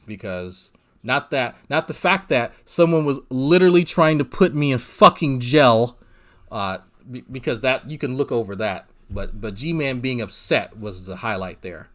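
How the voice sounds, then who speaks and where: A man's voice: medium pitch, a bit bright. Male streamer, mid-range voice; exasperated, sarcastic, profane drama commentary full of fillers. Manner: profane, rambling, frequent restarts and fillers. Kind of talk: ranting livestream commentary.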